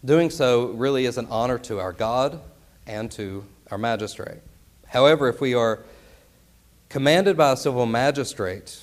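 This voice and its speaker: A man preaching a sermon in an earnest, emphatic way, often turning to his listeners with rhetorical questions. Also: medium pitch.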